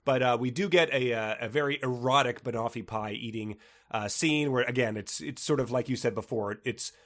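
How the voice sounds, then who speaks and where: A man's voice: medium pitch, brisk, a bit bright. A man co-hosting a comedy book podcast, chatting casually, laughing often and reading passages aloud with mock drama. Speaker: podcast co-host.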